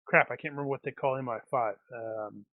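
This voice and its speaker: A man's voice: mid-range voice, fast talker, dry recording, phone-quality sound. A man playing in a tabletop game, chatting casually with joking asides. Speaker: player.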